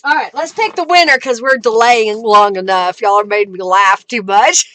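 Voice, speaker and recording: A woman's voice: on the high side, normal speed, bright, forceful tone. A woman hosting a live craft stream, chatting casually, reading viewer comments and laughing often. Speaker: craft livestream host. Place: home craft studio.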